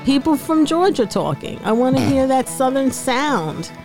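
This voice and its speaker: Casting: Brooklyn woman co-host, teasing and quick to laugh, slightly high voice. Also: big pitch swings, music in the background. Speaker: podcast co-host. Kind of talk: casual chat.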